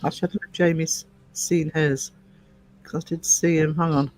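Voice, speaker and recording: A man's voice: on the high side, little pitch movement, moderate pace, a little mellow, faint music behind, low-quality recording. A man with a northern English accent hosting a livestream, chatting playfully and laughing often. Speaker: livestream host. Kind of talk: casual chat.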